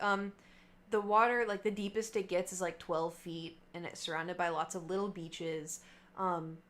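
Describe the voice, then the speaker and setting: A woman's voice: mid-range voice, a bit bright. Rambling young woman chatting on stream. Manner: rambling storytelling, lots of fillers and asides. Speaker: livestreamer. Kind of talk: casual chat with stream viewers.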